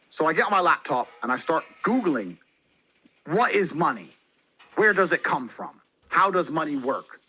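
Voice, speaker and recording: A brash, boastful man telling a story as a podcast guest, swearing a lot and breaking into loud, excited bursts. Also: fairly high pitch, slightly rough, rough recording. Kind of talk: casual storytelling.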